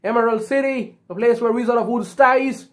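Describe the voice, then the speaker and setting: A woman's voice: fairly high pitch, normal speed, pitched above the performer's own voice, close to an everyday voice. A woman teacher voicing a timid, weeping male lion who calls himself a coward.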